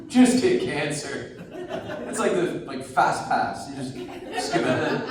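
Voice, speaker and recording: A man performing a stand-up comedy set on a club stage, telling his story in an animated way and acting out the people in it. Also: fairly high pitch, measured pace, crowd noise. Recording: roomy club sound, mic heard from a distance.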